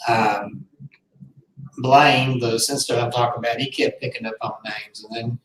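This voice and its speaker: A man's voice: medium pitch, fairly even intonation, normal speed, a bit bright. Earnest man telling a story. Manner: rambling, earnest, heartfelt. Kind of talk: casual storytelling. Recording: roomy, distant mic, faint noise.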